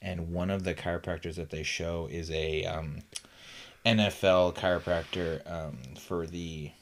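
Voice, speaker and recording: Deep-voiced rambling man in casual chat. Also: steady tone, a little slow, slight background noise. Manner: rambling storyteller, many fillers and restarts. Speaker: podcast co-host.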